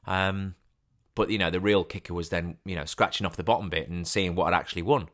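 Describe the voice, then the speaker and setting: A somewhat low-voiced man hosts a podcast alone, spinning a personal story in a loose, rambling monologue. He leans on ums and restarts and jumps up loud and high as the story peaks. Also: quick pace. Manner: rambling anecdote with many fillers and restarts, rising loud when excited. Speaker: podcast host.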